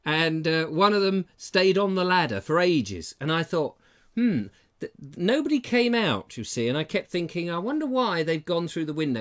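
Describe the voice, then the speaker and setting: A man hosting a live comedy talk show from his house, talking with playful, theatrical asides to his audience. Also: on the high side. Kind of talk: live-streamed comedy chat. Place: terraced house, indoors.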